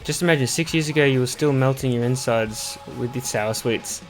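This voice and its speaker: A man's voice: medium pitch, a little fast, faint music behind. A man chatting casually on a livestream while painting a model, loose and sweary, reading chat messages aloud and answering them.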